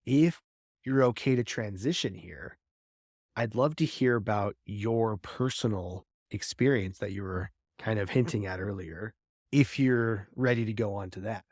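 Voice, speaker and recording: A male podcast host with a somewhat low voice, easygoing and encouraging as he invites his guest to speak. The sound is dry and close, with no room echo. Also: a little slow, a little mellow. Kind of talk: casual interview.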